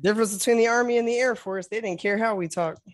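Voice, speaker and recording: A woman's voice: a little high, fast, over a noisy crowd. A woman guest chatting matter-of-factly on a podcast video call. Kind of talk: casual chat on a live video call.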